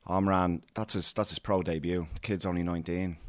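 A man, a coach answering interview questions, slightly hoarse from cheering, emphatic and full of "you know". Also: sits low, steady tone, brisk, fairly bright tone, dry recording, clean studio sound. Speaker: MMA coach.

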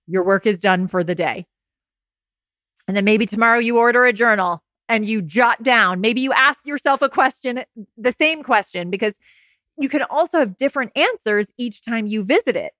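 A woman's voice: medium pitch, a bit bright, no echo, clean studio sound. A woman podcast host coaching listeners through heartbreak in a casual, candid monologue, swearing now and then and laughing at herself.

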